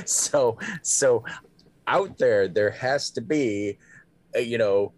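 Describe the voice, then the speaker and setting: A man co-hosting a podcast in casual chat, halting and repeating words as he gets going. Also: medium pitch, a little mellow.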